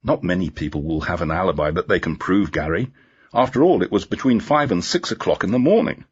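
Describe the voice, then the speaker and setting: A man playing a wry woman police inspector, storybook reading, breathy, lively pitch, dull lo-fi recording. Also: fairly quick, no echo. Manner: wry, teasing. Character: sharp woman police inspector, dry humor.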